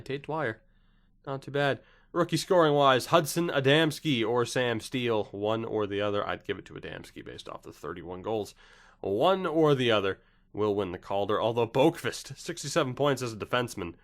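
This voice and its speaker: A man's voice: fairly low pitch, gravelly, fairly bright tone. A young man casually commenting on a hockey video game he is playing, chatty, with wry asides and frequent self-corrections. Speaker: gaming YouTuber.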